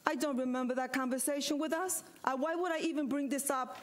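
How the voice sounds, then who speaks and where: A woman serving as vice mayor, giving a firm, emphatic statement at a city commission meeting and repeating her points with pauses. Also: high voice, fairly even intonation. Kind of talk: formal statement at a public meeting.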